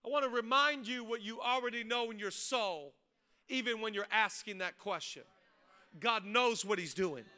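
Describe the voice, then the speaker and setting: A man, a pastor preaching a sermon, mixing funny stories with loud, rising exhortation. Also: high-pitched, moderate pace, smooth. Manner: humorous storytelling, building to loud preaching. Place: church stage before a congregation.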